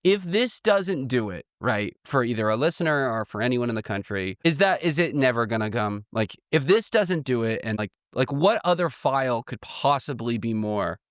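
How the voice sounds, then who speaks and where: A man's voice: mid-range voice, normal speed, few pauses, clean tone, no room sound, clean studio sound. Chatty laughing man on a podcast. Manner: laughs often, animated, rambling with fillers. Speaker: podcast co-host. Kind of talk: casual political chat.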